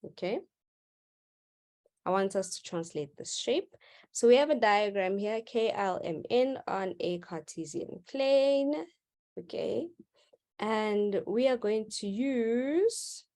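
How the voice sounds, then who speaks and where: Woman, maths teacher, online lesson, playful, teasing, slow pace. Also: medium pitch, a little mellow. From South Africa. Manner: playful, teasing, laughs with students. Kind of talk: live online class.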